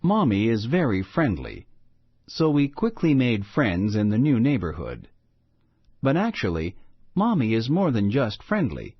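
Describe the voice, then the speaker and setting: Slow, expressive male storybook reader. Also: medium pitch, breathy edge, no echo. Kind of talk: reading a children's story aloud. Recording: muffled lo-fi recording.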